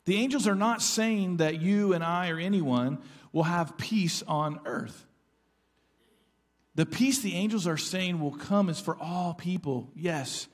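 A middle-aged man preaching a sermon as pastor, earnest and conversational, with asides to the congregation. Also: sits high. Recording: church sanctuary with long reverb.

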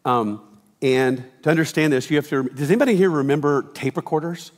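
A middle-aged pastor preaches a conversational sermon, acting out bits of dialogue with lots of energy. His voice sits on the high side for a man, and it rings with a long church-hall reverb. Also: brisk. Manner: animated and conversational, acting out quotes, sometimes shouting. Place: church auditorium.

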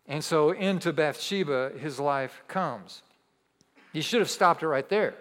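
A man's voice: a little high, measured pace, a bit bright. Emphatic male pastor in reverberant hall. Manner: emphatic, repeats key lines, humorous asides. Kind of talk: sermon. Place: church hall with audience. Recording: long church-hall reverb.

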